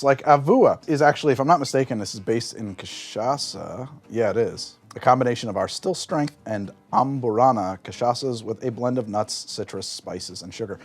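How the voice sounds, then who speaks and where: A man hosting a cocktail show, explaining a drink's history in an animated storytelling way and describing flavors aloud as he tastes. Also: mid-range voice, normal speed, hardly any pauses. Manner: animated storytelling with big swings in emphasis. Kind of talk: conversational explainer.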